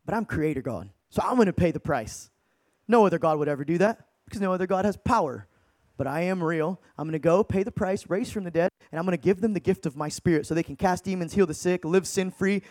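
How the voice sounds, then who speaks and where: A man telling a story as an evangelist in an energetic sermon, talking casually with lots of dude and bro and swinging between hushed and loud. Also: high voice, fast, no echo, clean studio sound. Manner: casual slang-heavy, calls listeners dude and bro.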